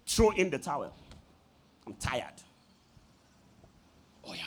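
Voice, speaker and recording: A man with a Nigerian accent preaching a sermon as pastor, calling out to his congregation in an animated way. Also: medium pitch, slow, breathy edge.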